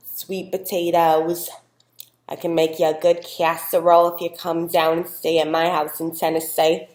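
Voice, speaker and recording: A chatty Southern woman with a drawling Southern accent rambles through folksy tips, as a young woman plays her. Her voice sits a little low. The room around her rings with echo. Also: a little mellow. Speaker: guest expert in a mock news segment. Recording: echoey room.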